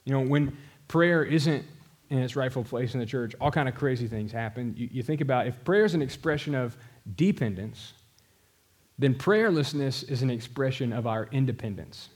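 A man's voice: mid-range voice, moderate pace, darkish tone, husky. A middle-aged pastor preaching a sermon, telling a story with emphasis and speaking directly to his congregation. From American South.

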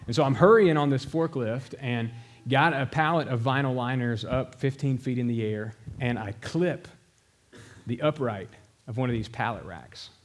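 A man's voice: mid-range voice, normal speed. A middle-aged pastor preaching a sermon, telling a story with emphasis and speaking directly to his congregation. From American South.

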